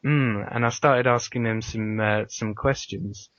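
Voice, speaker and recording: A man with a fairly low voice hosts a casual podcast and tells his stories slowly, stopping often on hesitant fillers. The sound is dry and close, with a dull, lo-fi quality. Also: steady tone, fairly bright tone, dry recording. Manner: hesitant, full of uhs, anecdotal. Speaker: podcast host.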